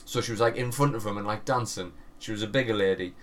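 A man's voice: fairly low pitch, fast. A man in his thirties co-hosting a podcast, telling stories in casual chat with lots of swearing and laughter. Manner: animated storyteller, heavy swearing, frequent laughter. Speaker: podcast co-host.

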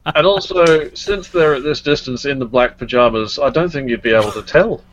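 A man's voice: medium pitch, brisk. A man playing a tabletop game, joking, swearing and laughing. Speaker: player. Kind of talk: casual tabletop game play. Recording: lo-fi audio with noise and clicks.

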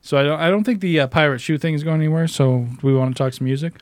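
Male podcast co-host, loose joking chat, slightly high voice, dry close mic. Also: rapid-fire, no room sound. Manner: joking, rambling, laughs often. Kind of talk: casual chat.

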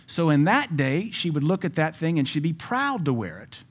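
A man preaching a sermon in an emphatic, conversational way, with asides to his listeners and sudden loud rises. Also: a little high, sing-song, normal speed, breathy edge. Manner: jokes and asides to the audience.

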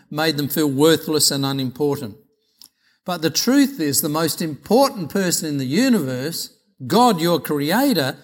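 A man preaching a sermon with personal testimony, earnest and measured, often repeating phrases. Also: a little high, fairly bright tone.

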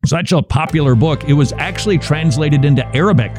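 A man's voice: a little high, brisk, music in the background. A middle-aged man hosting a casual commentary show, joking wryly about church signs and sermons. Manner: wry, joking, animated. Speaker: radio host.

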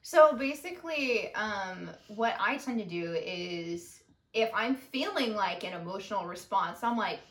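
Animated young woman, roomy distant sound. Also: medium pitch, measured pace. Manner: animated, lots of fillers, playful. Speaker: podcast co-host. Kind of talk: casual conversation.

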